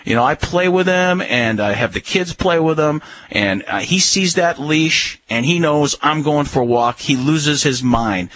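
A man giving calm, firm dog-training advice to a radio caller, coaching him step by step. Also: on the high side, moderate pace, few pauses, low-quality recording. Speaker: dog behavior expert.

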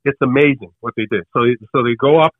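An older man telling a story casually on a podcast, animated, and acting out the people in it. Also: medium pitch, quick pace, no echo, narrow, tinny audio. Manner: animated, acts out the other people in his story.

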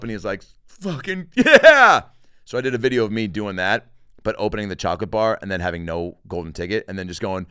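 A man's voice: lowish voice, fairly bright tone. A man hosting a comedy podcast, chatting casually and rambling in a jokey way, also doing an ad read. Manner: rambling, jokey, lots of fillers.

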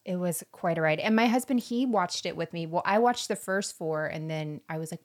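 Lower-voiced playful woman co-host. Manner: playful, teasing, quick to laugh. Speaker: podcast co-host. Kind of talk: casual chat.

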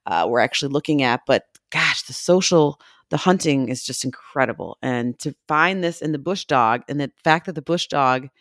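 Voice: medium pitch, expressive, moderate pace, a bit bright, dry recording, clean studio sound. A podcast co-host chatting casually and gushing with enthusiasm about animals. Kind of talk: casual chat.

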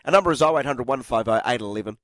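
A man's voice: mid-range voice, rapid-fire, dry recording. Nasal New Zealand man with a cold. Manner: animated, teasing, self-mocking. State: blocked nose from a cold. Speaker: radio sports show host. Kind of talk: casual sports radio chat. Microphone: studio microphone.

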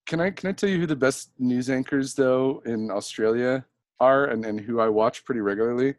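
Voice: mid-range voice, brisk, no room sound, studio quality. A podcast co-host in casual chat, laughing often and bantering wryly with profanity.

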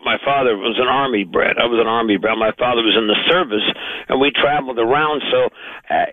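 A man's voice: medium pitch, no echo. Veteran male radio voice over a tinny phone line. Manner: animated storyteller, radio announcer delivery. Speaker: radio guest. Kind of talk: storytelling on a call-in.

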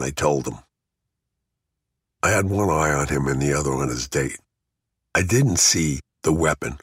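A man's voice: very deep voice, a bit bright, slightly rough, no room sound, clean studio sound. A man narrating a first-person crime memoir in a blunt, gritty way, swearing freely. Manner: gritty, blunt storytelling with profanity.

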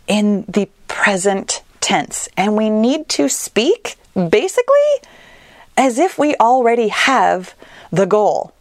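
A woman hosting a solo podcast, talking in a conversational, animated way with playful asides. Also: mid-range voice, dry recording, studio quality. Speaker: podcast host.

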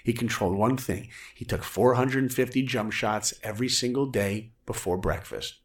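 A middle-aged man with a gravelly edge tells his story as a podcast guest. His pitch sits in the middle, and he keeps slipping into voices for the people he quotes. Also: normal speed. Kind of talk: animated storytelling in a podcast interview.

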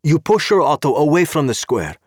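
A man's voice: on the high side, sing-song, darkish tone, no echo, clean studio sound, pitched above the performer's own voice. Man putting on a polite, insistent policeman. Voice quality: halting broken English. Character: Czech male policeman, polite but insistent.

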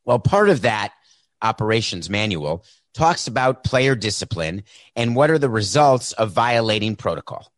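A man's voice: lowish voice, big pitch swings, normal speed, no echo, studio quality. A man hosting a sports talk show, delivering a sarcastic, mocking monologue into a desk microphone. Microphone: desk mic with mute button.

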